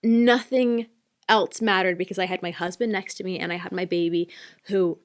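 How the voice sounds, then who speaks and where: A woman's voice: on the low side, steady tone, moderate pace. A woman in her twenties, a podcast co-host, chatting casually and emotionally with many fillers. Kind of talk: casual chat.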